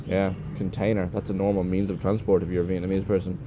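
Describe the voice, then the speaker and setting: A fast-talking podcast host with a low voice comes through a muffled recording. He's sitting under shelter outside a rainy café, swearing, complaining, and telling animated stories in a casual rant, while street traffic and construction make a racket.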